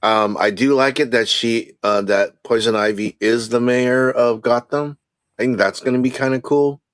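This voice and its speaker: A man's voice: mid-range voice, steady tone, moderate pace, clear, resonant tone, dry recording. A man on a podcast panel, talking in a meandering way with many ums and you-knows. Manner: meandering, lots of um and you know. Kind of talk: casual chat.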